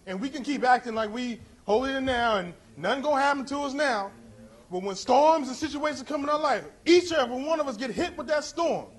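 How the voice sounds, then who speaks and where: A man preaching a sermon, impassioned and rising to shouts with drawn-out emphasis. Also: very high voice.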